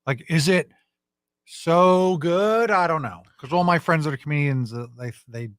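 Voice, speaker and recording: A man co-hosting a radio morning show, bantering casually with quick reactive quips. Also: a little high, no room sound. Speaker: radio co-host. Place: radio studio.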